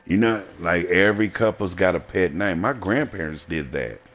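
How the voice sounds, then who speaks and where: A man's voice: low voice, expressive, moderate pace, a bit bright, faint music behind. A man with a Southern American accent, livestreaming a blunt, rambling and profane casual monologue. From Southern United States.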